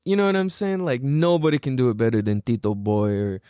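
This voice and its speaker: A man's voice: mid-range voice, fairly even intonation, fairly quick, warm tone, clear, resonant tone, dry recording, studio quality. A man hosting a podcast, talking casually and comically, laughing often and acting out his relatives' voices. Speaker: podcast host. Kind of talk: casual comedic monologue.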